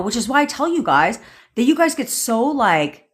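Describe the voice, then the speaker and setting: A woman's voice: on the high side, normal speed. A woman, coaching on a live stream and answering viewer comments. She talks bluntly and profanely, with lots of asides. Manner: blunt, profane and animated, with frequent laughs and asides. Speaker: manifestation coach.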